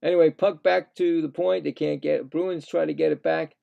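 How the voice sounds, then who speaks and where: Man, casual hockey play-by-play, high pitched, gravelly, excitable, rambling. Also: a little fast, dull audio. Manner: excitable, indignant, rambling with frequent restarts. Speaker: live play-by-play streamer.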